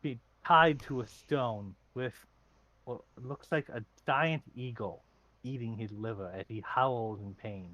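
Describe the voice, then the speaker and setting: A man running a tabletop game, pausing and restarting as he lays out each scene. His mid-pitched voice sounds dry and close. The recording is muffled and lo-fi. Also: fairly bright tone, no echo. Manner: halting, with fillers and restarts while describing scenes. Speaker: game master.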